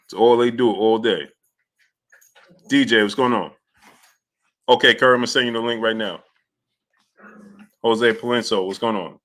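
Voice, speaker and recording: A man's voice: medium pitch, steady tone, normal speed, long pauses, a bit bright. A man hosting a boxing talk live stream, chatting casually and greeting viewers by name. He rambles loosely, with many fillers and restarts. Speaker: boxing talk show host.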